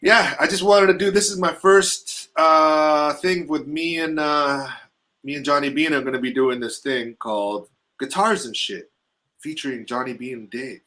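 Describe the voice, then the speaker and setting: A man chats loosely on a live stream, slightly high-pitched and stuffy from allergies. He rambles through shout-outs and swears freely, keeping the talk casual. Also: normal speed. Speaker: host.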